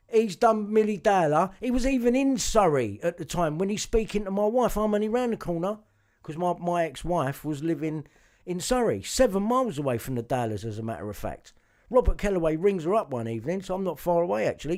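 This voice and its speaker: A man's voice: a little high, lively intonation, moderate pace, darkish tone. Agitated, swearing man. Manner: agitated and profane, repeating himself. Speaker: vlogger. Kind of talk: angry monologue to camera.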